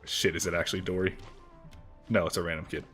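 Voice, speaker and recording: A man's voice: low voice, little pitch movement, fast talker, a bit bright, soft background music. A man streaming a video game, joking around and reading the dialogue aloud. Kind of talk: casual gameplay commentary.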